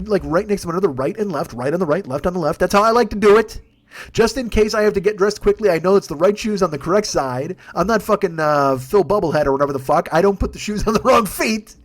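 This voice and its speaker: A man telling a long comic story in a profane, rambling, animated way, as a podcast host. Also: high-pitched. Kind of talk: comedic storytelling monologue.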